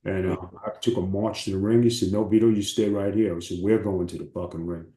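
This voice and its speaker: A man with a low, dark voice tells his stories in an animated, salty way, often putting on the voices of the people in them. The sound is roomy and echoey. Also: quick pace. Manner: animated, profane storytelling with acted quotes. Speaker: interview guest, former wrestler. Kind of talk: casual storytelling.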